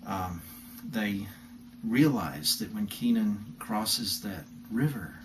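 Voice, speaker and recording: A man's voice: lowish voice, expressive, slow pace. A male lecturer in a recorded video talk, speaking thoughtfully with frequent fillers and self-corrections, in a room he calls not ideal. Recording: distant mic, noisy room.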